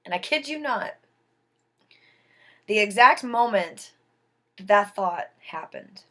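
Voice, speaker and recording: Bright slow-talking woman telling a story. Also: mid-range voice. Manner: dramatic, slow and deliberate, drops to a hush for tense moments. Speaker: vlogger telling her own story. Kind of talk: personal storytelling, casual.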